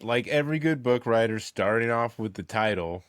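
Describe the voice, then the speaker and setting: A man co-hosting a comedy podcast, dropping dry, deadpan quips. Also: mid-range voice, moderate pace, dry recording. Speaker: podcast co-host. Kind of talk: comedic casual chat.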